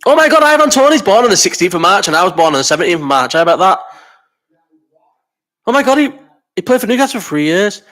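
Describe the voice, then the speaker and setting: A man's voice: high voice, sing-song, fairly bright tone. Sweary, rambling man in his thirties. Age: 30s. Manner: rambling and sweary, quick banter. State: ill with a cough. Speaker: host of a live chat stream. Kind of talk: casual chat reading viewer comments.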